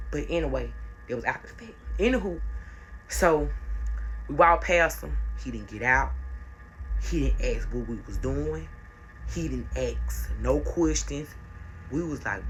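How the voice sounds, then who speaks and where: Young adult woman, bright forceful tone, casual repetitive vlog storytelling. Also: low voice, animated, normal speed, faint music behind. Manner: repetitive, conversational, slangy. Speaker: storyteller vlogger.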